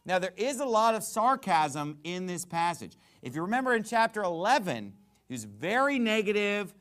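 A man preaching a sermon, stressing his points and often checking in with "okay?" or "right?", with quick repeats and restarts. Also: high-pitched, fairly bright tone. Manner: emphatic preaching with frequent "okay?" and "right?" tags. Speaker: pastor.

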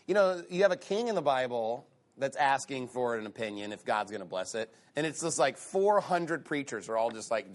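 A male preacher giving a sermon, mocking and sarcastic, swinging between loud outbursts and low asides. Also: sing-song, a little fast, slight background noise.

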